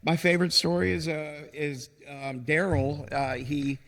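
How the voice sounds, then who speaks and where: A man who founded a ministry, guesting on a podcast and telling rambling, animated stories, often acting out what people said. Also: on the high side, a little slow. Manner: rambling, animated storyteller who acts out quotes. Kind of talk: casual storytelling interview. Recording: long reverb, hall-like room.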